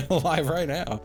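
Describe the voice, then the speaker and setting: A man streaming live, chatting casually to his viewers, swearing freely and laughing often. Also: a little high.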